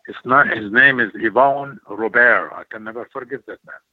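An older man from Iraq, a former wrestler, telling animated stories as an interview guest and acting out quoted voices. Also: medium pitch, moderate pace, no echo. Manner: animated storyteller, acts out quoted voices, broken English. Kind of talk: storytelling in an interview. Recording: tinny phone-like audio, dry.

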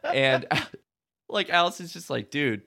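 A man's voice: a little high, big pitch swings, slow, vocal fry, a crowd in the background. Laid-back young man telling a story. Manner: loose slangy storytelling, frequent laughter. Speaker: podcast co-host. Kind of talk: casual chat.

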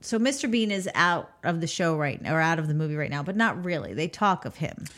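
A woman's voice: low-pitched, expressive, fairly quick, a bit bright. A woman co-hosting a podcast, chatting casually as she retells a film's scenes and acts out quoted lines. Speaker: podcast co-host. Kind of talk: casual movie recap chat.

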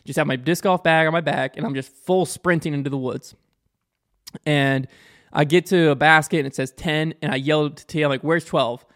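A young man telling a story in casual conversation, animated and quick, acting out the people he quotes. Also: a little high. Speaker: podcast guest or host, disc golfer.

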